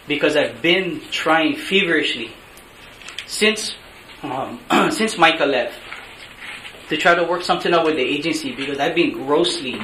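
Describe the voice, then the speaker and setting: A man's voice: fairly high pitch, fairly bright tone. A man with a Hawaiian Pidgin-tinged accent giving angry, blunt public testimony at a meeting, pleading to be heard. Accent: Hawaiian Pidgin-tinged English. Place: large meeting room. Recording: echoey meeting room, faint hiss.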